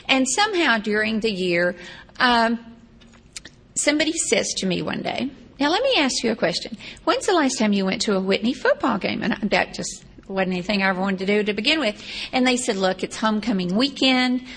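A woman's voice: mid-range voice, animated, fairly quick, a bit bright. A woman from Texas, telling a rambling personal story with wry asides. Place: seated on a stage or chair.

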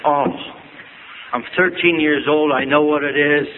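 An older man from Ohio telling reflective, wry stories about his youth, with gentle pauses and humor. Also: fairly high pitch, fairly even intonation. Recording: tinny phone-like audio with noise.

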